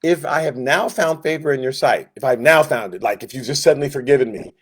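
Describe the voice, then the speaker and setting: A man's voice: medium pitch, a little fast, husky. A man teaching a Sunday school Bible lesson, telling the story in a casual, joking way and acting out what the characters say in different voices.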